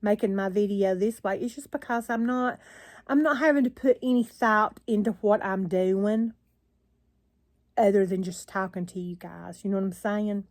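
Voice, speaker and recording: A woman's voice: medium pitch, normal speed, darkish tone. An older woman vlogging into her phone, chatting in a rambling, weary way with frequent sighs. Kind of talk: casual chat to camera.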